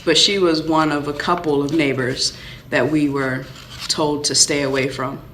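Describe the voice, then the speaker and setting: A man's voice: on the high side, steady tone, normal speed, sharp tone, a little hiss or hum, rough recording. A man, the storyteller's adult son, chiming in with brief, casual remarks.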